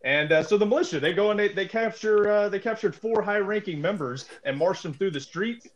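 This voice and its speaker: A man's voice: high voice, brisk, lo-fi sound. A man co-hosting a podcast, telling a story in a rambling, joking way with many fillers. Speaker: podcast co-host. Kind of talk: casual podcast chat.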